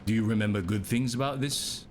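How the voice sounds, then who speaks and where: A man's voice: fairly low pitch, brisk, slight background noise. Chatty young man streaming a game. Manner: chatty, talks to chat, reacts to the game. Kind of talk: casual live-stream commentary.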